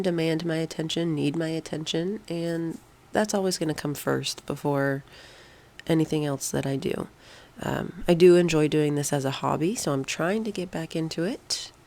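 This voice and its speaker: A woman, a stay-at-home mom, recording a casual vlog voiceover at home in the early morning with a froggy morning voice, keeping her voice down so she doesn't wake the house. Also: deep voice. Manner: talking quietly so as not to wake the house.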